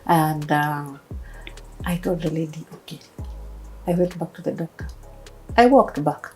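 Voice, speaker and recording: A Kenyan woman in her thirties tells her own story as an interview guest. Her voice sits a little low and mellow, and she brings the people in her story to life as she tells it. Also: unhurried, faint music behind, low-quality recording. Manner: animated storytelling, acting out quoted voices. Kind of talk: personal testimony interview.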